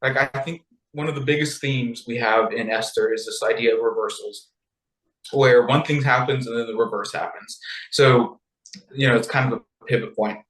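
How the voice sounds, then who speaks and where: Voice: mid-range voice, steady tone, normal speed, fairly bright tone, reverberant, low-quality recording. A podcast co-host retelling a text in a playful, chatty way and laughing often. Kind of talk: casual chat, retelling a text.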